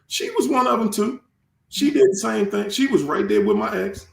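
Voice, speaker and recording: A man hosting his channel in casual chat, animated and swearing freely, acting out quoted tirades. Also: sits high, moderate pace, vocal fry, roomy sound. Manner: animated, swears, acts out quoted rants loudly. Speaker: channel host.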